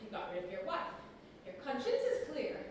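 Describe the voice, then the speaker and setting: A harried middle-aged husband played by a woman with a high voice rants and moans about his miserable life in a stage comedy. The delivery is theatrical and swings between loud and soft. It is heard from far off on an echoey stage with faint noise. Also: very animated, moderate pace. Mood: weary complaining.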